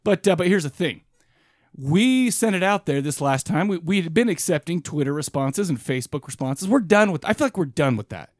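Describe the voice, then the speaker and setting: A man's voice: fairly high pitch, lively intonation, brisk, no room sound, studio quality. A man in his thirties co-hosting a podcast, chatting casually and rambling with lots of restarts. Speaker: podcast co-host. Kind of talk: casual chat.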